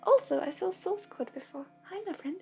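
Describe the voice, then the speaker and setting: A woman speaks softly and gently, often sliding into a half-whisper, as she hosts a livestream of intuitive readings and healing. Her voice sits high and carries a gravelly edge of vocal fry. Faint music plays underneath. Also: brisk. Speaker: intuitive reader and healer.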